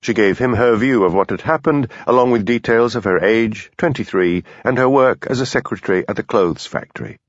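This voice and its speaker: A man narrating an audiobook in a measured, expressive reading. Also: medium pitch, dry recording. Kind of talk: scripted narration. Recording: dull lo-fi dry studio recording.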